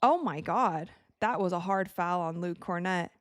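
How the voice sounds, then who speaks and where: Young woman, from Wisconsin, streamer, casual commentary, excitable, crisp clear voice. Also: fairly low pitch, measured pace, no echo, studio quality. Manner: chatty, excitable, reacts to plays mid-sentence. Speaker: streamer hosting a game watch party. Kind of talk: live casual commentary to chat.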